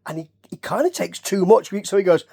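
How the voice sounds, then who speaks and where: A man's voice: high-pitched, expressive, a little fast, vocal fry, darkish tone, breathy edge. A man with a Nottingham English accent reviews old wrestling in a loose, chatty ramble. He wanders into asides and keeps tossing questions at the listener as he goes. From Nottingham, England. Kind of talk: casual rambling review commentary.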